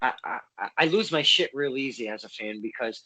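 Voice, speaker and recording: A man hosting a casual interview over a video call, excitable and swearing freely. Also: mid-range voice, brisk, low-quality recording. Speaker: host.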